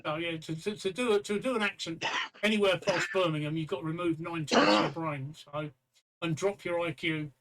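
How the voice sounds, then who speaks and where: A man with a high voice hosts a casual live stream. He trades cheeky banter with his co-hosts and tells long, silly jokes. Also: fairly quick, fairly bright tone, rough recording. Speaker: host.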